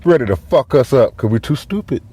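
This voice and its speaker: A man's voice: mid-range voice, fairly quick, slightly rough, no room sound. A man hosting a podcast, delivering a profane comedic monologue, acting out quotes and laughing at his own jokes. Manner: animated, swings loud and soft, acts out quotes. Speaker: podcast host.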